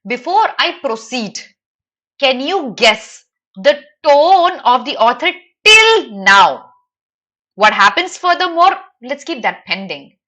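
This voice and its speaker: Woman, Indian English accent, native Hindi speaker, live online teacher, teasing, rhetorical questions, high voice. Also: slow. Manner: animated, teasing, asks many rhetorical questions.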